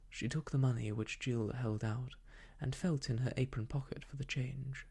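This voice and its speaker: A storyteller reading an old children's book aloud softly as a whispered role-play for sleep. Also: medium pitch, steady tone, gravelly, breathy edge. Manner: soft, slow bedtime reading.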